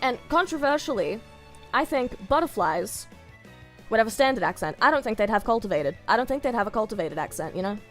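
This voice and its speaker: A woman's voice: on the high side, big pitch swings, a little fast, faint music behind. A woman with an Australian accent chatting casually on a stream, giggling often and rambling off on tangents.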